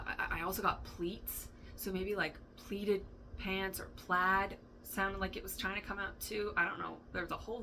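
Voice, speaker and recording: Rambling tarot reader, woman, low-ish tone, crisp bright voice, faint room hiss. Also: poor audio. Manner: rambling, thinks aloud, swears, laughs often. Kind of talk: casual spoken tarot reading. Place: indoor room with a fan running.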